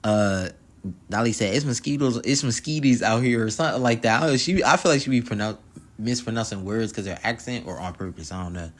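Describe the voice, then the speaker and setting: Male YouTube reviewer, lower register, loose slang-heavy recap commentary that rambles and addresses the viewer. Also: quick pace, a bit bright. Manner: slangy, rambling, keeps asking "you feel me". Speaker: YouTube reality-show reviewer. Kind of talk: casual episode recap and commentary.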